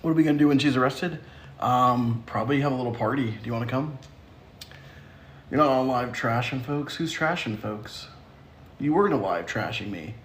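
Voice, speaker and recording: A man's voice: mid-range voice, normal speed, a little hiss or hum. A man hosting a casual livestream who answers viewer comments in a sassy, teasing way and laughs often. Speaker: livestream host.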